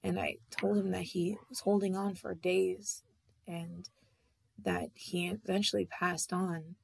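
A woman with a strongly gravelly, husky voice tells a personal story. She speaks haltingly, with many fillers and restarts, in a dry, close sound with no room echo. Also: lowish voice, level tone.

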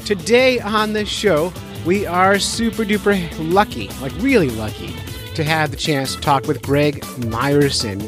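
A man's voice: on the high side, unhurried, over music. A man hosting a fishing podcast, talking in a goofy, self-mocking, chatty way. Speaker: podcast host. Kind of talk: casual podcast intro.

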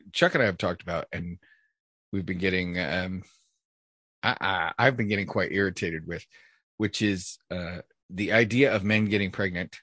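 A man's voice: fairly low pitch, a bit bright, no echo. A man, a podcast co-host, speaking bluntly in casual chat and steering the talk to a new topic. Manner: blunt, swears freely, leads into new topics.

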